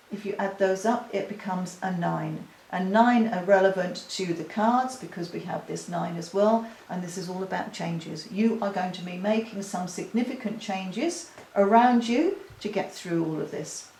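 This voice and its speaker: A woman's voice: medium pitch, a little mellow. Casting: woman card reader, casual and reassuring, echoey dining room, faint hiss. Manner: chatty, reassuring, talks straight to the viewer. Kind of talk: casual spoken card reading. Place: her dining room at home.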